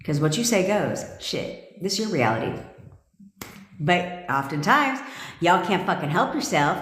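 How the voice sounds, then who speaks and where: A woman's voice: lowish voice, sing-song, unhurried, a bit bright. A woman manifestation coach on a live stream, talking bluntly and intensely with lots of swearing, repeating her points and answering viewer comments. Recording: echoey room with long reverb.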